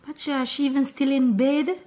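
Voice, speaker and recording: A woman's voice: high-pitched, fairly even intonation, normal speed, mellow, a little hiss or hum. A young woman vlogger chatting casually on a video call, teasing and laughing often.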